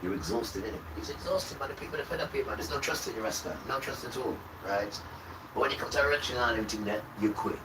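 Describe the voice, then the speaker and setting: Man, impassioned religious rant, accusing and repetitive, loud outbursts then mutters, noisy background. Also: mid-range voice, fast. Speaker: livestream host. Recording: roomy, distant mic with loud background noise.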